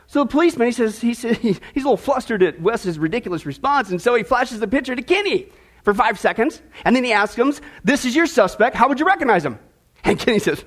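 A man's voice: very high-pitched, big pitch swings, fast talker, fairly bright tone. A man preaching a sermon, opening with a chatty, playful story told to his congregation. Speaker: pastor.

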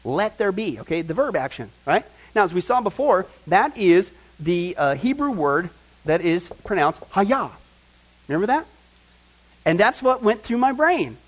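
A man with a high-sitting voice teaches a Bible study at a measured pace, conversational and emphatic, building to excited points and often checking in with "right?" and "okay?" The recording sounds rough.

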